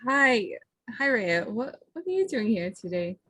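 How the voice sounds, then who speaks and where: A woman's voice: fairly high pitch, sing-song, measured pace, fairly bright tone, exaggerated voice. A woman playing a chirpy, polite young vampire woman in her own everyday voice. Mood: friendly.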